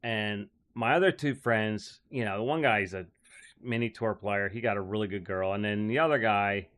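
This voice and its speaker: A man's voice: on the low side, moderate pace, a bit bright. A man telling casual stories about his time as a caddie. He rambles, says "like" often and laughs as he goes. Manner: rambling, heavy use of "like", frequent laughs. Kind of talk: casual storytelling.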